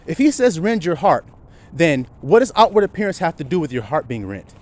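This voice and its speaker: A man preaching informally, firing rhetorical questions and swinging from a low mutter to loud, emphatic outbursts, now and then swearing. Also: very animated, fast talker.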